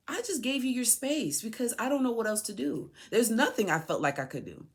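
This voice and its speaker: This woman, a podcast host, addresses her son in a pleading, aggrieved personal monologue full of emphatic repetition. Her fairly high voice is animated and slightly fast, with few pauses.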